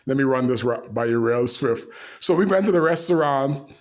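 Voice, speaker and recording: A man telling animated, laugh-filled anecdotes to the camera in a casual way. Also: medium pitch, moderate pace. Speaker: storyteller.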